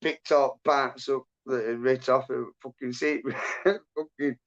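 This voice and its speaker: A man's voice: mid-range voice, fairly even intonation, measured pace, highs cut off. A man hosting a livestream, telling a rambling story in casual chat, swearing constantly and laughing as he goes. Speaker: livestream host.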